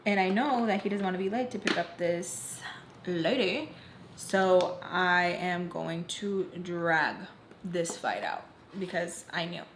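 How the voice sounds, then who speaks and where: A woman's voice: on the low side, expressive, takes it slowly. A woman telling a storytime on her vlog, emphatic and candid, swearing bluntly as she recounts events. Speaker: vlogger. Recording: roomy echo, faint background noise.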